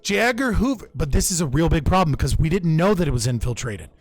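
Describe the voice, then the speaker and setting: A man's voice: fairly high pitch, sing-song, fast, no room sound, soft background music. A young man casually recounting political history on a podcast, loose and profane, often restarting his sentences. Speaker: podcast speaker.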